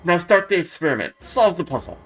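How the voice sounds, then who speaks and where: A woman's voice: lowish voice, very animated, brisk, faint music behind, poor audio. A woman voicing a pompous, condescending man who holds a girl captive, mocking and scolding her as she reads a visual novel aloud. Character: pompous condescending male captor, adult. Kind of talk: dramatic reading of a visual novel.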